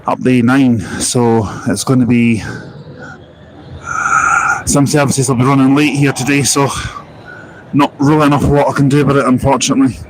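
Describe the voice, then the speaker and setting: A man's voice: mid-range voice, little pitch movement, moderate pace, long pauses, background noise. A Scottish man chatting casually on an outdoor live stream while walking, reading viewer comments aloud, rambling with self-deprecating asides, on a small wireless mic. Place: outdoors at a bus park-and-ride, walking. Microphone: small wireless mic on phone stream.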